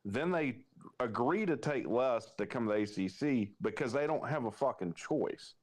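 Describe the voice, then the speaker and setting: A man's voice: mid-range voice, expressive, normal speed. A man hosting a sports podcast, ranting heatedly and swearing freely in casual talk. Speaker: podcast host.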